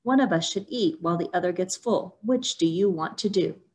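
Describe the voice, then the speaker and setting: A woman's voice: on the low side, a little fast, a little mellow, lightly acted. A woman doing a sly sleepy turtle. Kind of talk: storybook reading.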